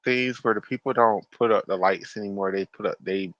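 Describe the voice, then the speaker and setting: A man's voice: lowish voice, brisk, a bit bright, dry recording, dull audio. A man co-hosting a casual chat podcast, blunt and opinionated, swearing casually. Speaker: podcast co-host.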